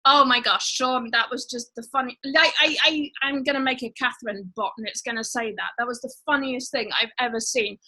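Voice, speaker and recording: Bubbly high-voiced woman hosting a live chat. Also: steady tone, a little fast, hardly any pauses, bright, forceful tone, poor audio. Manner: bubbly, chatty, many fillers. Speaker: livestream host. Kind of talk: casual live chat to viewers.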